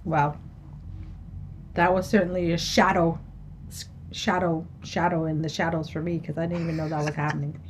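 A woman's voice: low voice, little pitch movement, normal speed, a little hiss or hum. A woman in casual conversation about a TV drama, giving dry, understated replies.

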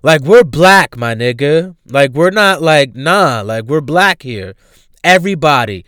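Animated man telling a funny story. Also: fairly high pitch, unhurried, clear, resonant tone, no room sound, studio quality. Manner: animated, laughs often, slangy and profane. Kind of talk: casual comedic storytelling.

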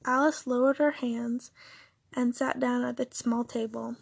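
Husky, gravelly woman reading a story. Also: on the high side, fairly even intonation, unhurried, no echo, clean studio sound. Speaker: story narrator. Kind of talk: reading a fan story aloud.

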